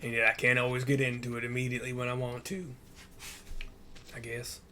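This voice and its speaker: A man's voice: mid-range voice, level tone, brisk, bright, forceful tone, a little hiss or hum. A man giving casual gameplay commentary with joking, self-deprecating asides, recorded on a headset mic. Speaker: gaming video host. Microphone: headset, one ear covered.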